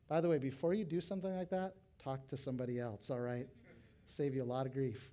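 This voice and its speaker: A middle-aged male pastor preaching to fellow pastors, animated, breaking into loud acted quotes. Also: medium pitch, quick pace. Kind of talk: sermon to pastors.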